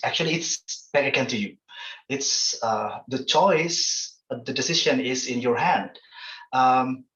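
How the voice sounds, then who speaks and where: A man with an Indonesian accent giving relaxed feedback as a presenter in an online workshop, with lots of fillers. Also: mid-range voice, echoey room, lo-fi sound. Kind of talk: casual online workshop talk.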